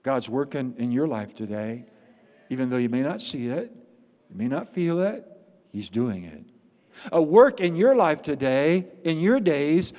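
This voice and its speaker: Animated pastor preaching in a big hall. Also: male voice, medium pitch, measured pace. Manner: animated, playful, repeats words for emphasis. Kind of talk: sermon. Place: church sanctuary. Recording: long reverb of a large hall.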